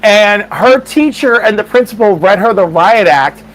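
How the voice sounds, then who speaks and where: A woman's voice: mid-range voice, expressive, normal speed. A woman in a casual chat, telling a story emphatically with exclamations. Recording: faint background noise.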